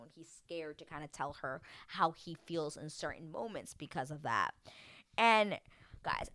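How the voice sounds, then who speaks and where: Woman, low voice, chatty TV recap, dry close mic, animated. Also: dry recording. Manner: chatty, animated, acts out quotes in put-on voices. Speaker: reality TV recap host. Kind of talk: casual recap vlog.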